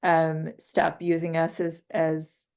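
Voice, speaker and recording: A woman's voice: low voice, monotone, takes it slowly, darkish tone, clear, resonant tone. A woman co-hosting a podcast, talking in hesitant, filler-heavy casual chat and laughing often. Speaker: podcast co-host.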